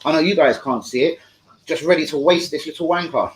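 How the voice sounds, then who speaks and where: This fan channel host, a young man, trades insults with his chat during a live-stream football rant, swearing and mocking as he goes. He speaks a little fast in a fairly high voice, and the recording quality is poor.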